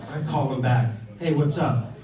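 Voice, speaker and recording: A man's voice: mid-range voice, normal speed. A man in his thirties performing a stand-up set, telling profane, exasperated stories about his family and acting out what they say. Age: 30s. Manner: profane, exasperated storytelling with acted-out quotes. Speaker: stand-up comedian. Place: comedy club stage with a laughing audience. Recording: echoey room, mic heard from a distance, crowd laughter.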